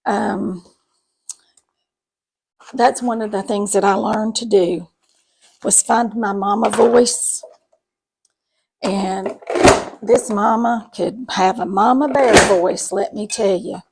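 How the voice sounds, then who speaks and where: A woman's voice: medium pitch, fairly even intonation, slow pace, gravelly, long pauses, very noisy. A middle-aged woman, chatting folksily to viewers while cooking in her home kitchen. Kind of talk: casual cooking chat to camera.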